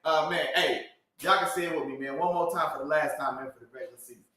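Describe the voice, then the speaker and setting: Fast-talking hoarse man in an echoey room. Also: a little high, fairly even intonation, bright, forceful tone, far from the mic. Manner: ends nearly every phrase with "man". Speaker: podcast co-host. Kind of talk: casual podcast shout-outs. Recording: very echoey room, away from mic.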